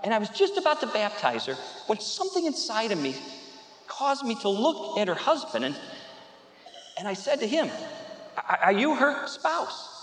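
A pastor preaching a sermon, telling stories with emphatic repetition that builds to loud peaks. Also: male voice, sits high, wildly swooping pitch, normal speed. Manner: storytelling, with laughs and asides to the audience. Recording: echoey hall with long reverb.

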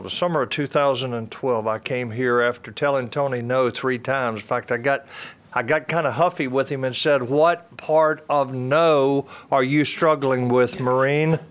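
Older man, earnest testimony speaker, repeats lines for weight, mid-pitched voice. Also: moderate pace, fairly bright tone. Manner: earnest storytelling with repeated phrases and restarts. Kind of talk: personal testimony talk.

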